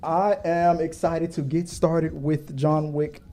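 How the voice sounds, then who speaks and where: A man hosting a live movie talk stream, energetic and joking, rambling a bit between topics. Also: fairly high pitch, takes it slowly, soft background music. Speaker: podcast host.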